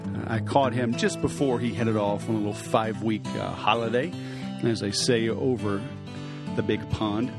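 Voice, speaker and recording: A man's voice: lowish voice, steady tone, moderate pace, over loud music. A man with an American accent hosting a sales podcast, upbeat and chatty, with lots of fillers and a joke. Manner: upbeat, filler-heavy, tells jokes. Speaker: podcast host.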